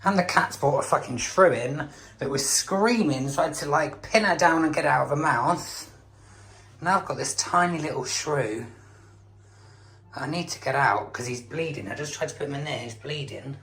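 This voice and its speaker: A man's voice: fairly high pitch, moderate pace, fairly bright tone. A man vlogging casually from home, chatty, with many fillers and free swearing. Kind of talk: casual vlog chat.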